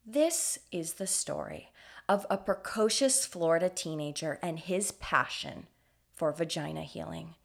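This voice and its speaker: A woman co-hosting a comedy podcast, reading a scripted true story. She has a slightly low voice. Her delivery is measured and deliberate. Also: gravelly. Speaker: podcast co-host.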